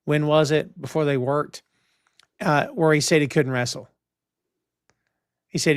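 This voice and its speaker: A man with a fairly high voice, co-hosting a casual podcast chat. He talks in an opinionated, emphatic, old-school way, and the recording is dry and close. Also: fairly even intonation, measured pace, pauses often, smooth, dry recording. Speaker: podcast co-host.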